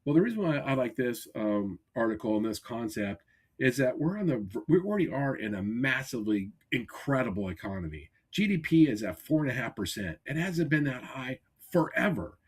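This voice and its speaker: Husky-voiced man hosting a podcast. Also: medium pitch, brisk. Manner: energetic, coaching tone with frequent restarts. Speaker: podcast host. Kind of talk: casual podcast discussion. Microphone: remote call. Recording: glitchy remote call audio.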